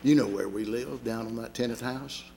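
A man voicing a poor little boy who is eager and pleading, then fading to a hush as he dies. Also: medium pitch, normal speed, creaky, voice pushed down, lightly acted. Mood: faint, dying.

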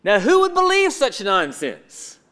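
A male preacher with a fairly high voice builds his sermon through rhetorical questions. He swings from emphatic, louder phrases to low, hushed ones. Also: huge pitch swings, measured pace.

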